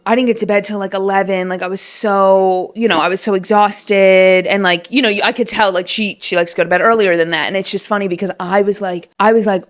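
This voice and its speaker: Chatty young woman hosting a podcast. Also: mid-range voice. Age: late 20s. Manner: chatty, rambling, animated. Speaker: podcast host. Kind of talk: casual solo podcast chat. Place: room at home. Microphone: set-up podcast mic at home.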